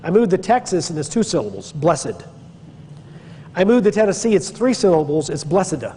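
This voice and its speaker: A man's voice: high voice, lively intonation, quick pace, warm tone, in a large hall, slight background noise. A man from Pennsylvania teaching church history in a conversational lecture, digressing and stressing key words. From Pennsylvania, USA. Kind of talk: classroom-style Bible lecture.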